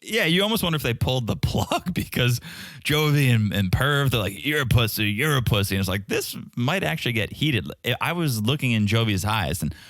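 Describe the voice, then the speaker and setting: A man's voice: mid-range voice, brisk, no echo, studio quality. A man co-hosting a podcast, chatting casually and acting out what cast members said. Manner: animated, acts out cast members' lines in quotes. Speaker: podcast co-host. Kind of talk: casual recap chat.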